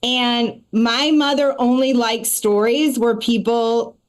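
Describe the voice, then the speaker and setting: A woman performing a stand-up comedy set and hosting a live show, talking in a quick, chatty way full of asides. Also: on the high side, steady tone.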